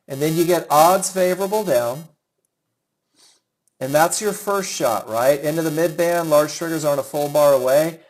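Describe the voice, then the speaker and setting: The speaker is a middle-aged man teaching trading in a live webinar, a little high in pitch and moving at a moderate pace. Chatty and eager, he calls students by name as he looks over their trades, all on a rough recording.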